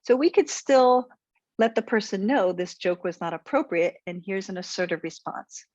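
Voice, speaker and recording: A woman's voice: medium pitch, animated, normal speed, a little mellow, dry recording, lo-fi sound. A woman coaching her viewers directly, talking in an assertive, encouraging way and walking through everyday examples. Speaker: speaker and confidence coach. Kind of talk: direct-to-camera tip video.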